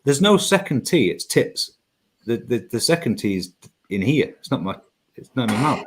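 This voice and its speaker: A man's voice: medium pitch, very animated, brisk. A man from Yorkshire, a regular on a live chat show, talking in a sweary, tipsy, joking way and playing with his own accent. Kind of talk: casual pub chat on a live stream. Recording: faint background noise.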